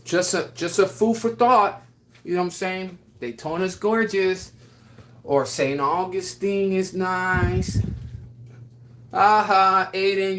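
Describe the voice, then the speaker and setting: A man's voice: high-pitched, a bit bright. A man chatting casually on his livestream, rambling and affectionate, with lots of fillers as he answers viewers. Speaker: livestream host.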